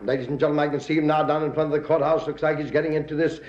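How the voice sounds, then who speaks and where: A man's voice: on the high side, level tone, very fast. A male comedian doing a mock parade commentary with announcer patter. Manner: announcer patter with shouted cheers. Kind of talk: comic parade commentary monologue. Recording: roomy dull old recording.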